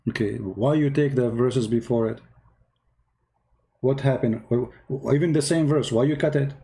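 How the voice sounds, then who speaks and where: A man's voice: medium pitch, moderate pace, warm tone. Combative, mocking man on a livestream. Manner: mocking, combative, repeats himself. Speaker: live stream host. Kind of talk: heated commentary.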